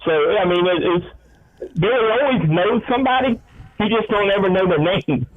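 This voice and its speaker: A man's voice: sits high, expressive, moderate pace. A man, a radio sports talk co-host, telling chatty football stories and acting out the quotes. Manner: chatty storyteller, acts out quotes. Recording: tinny phone-like radio line.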